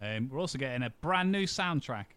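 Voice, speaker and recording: A man's voice: medium pitch, lively intonation, a little fast, fairly bright tone, clear, resonant tone, no room sound. A man hosting a podcast, chatting casually and joking, often restarting his sentences. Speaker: podcast host. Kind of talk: casual chat.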